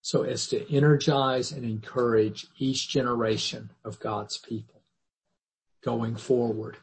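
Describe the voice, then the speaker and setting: Gravelly-voiced man teaching a Bible class. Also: mid-range voice, steady tone, low-quality recording. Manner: measured, thoughtful, with restarts. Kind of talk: scripture reading and lecture.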